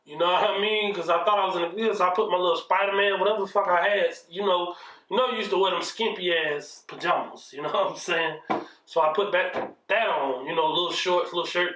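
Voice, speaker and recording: Man, fairly high voice, casual profane storytelling, heard from a distance. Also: a little fast, bright, forceful tone. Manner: profane, rambling, keeps asking "you know what I mean". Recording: roomy echo, mic set back.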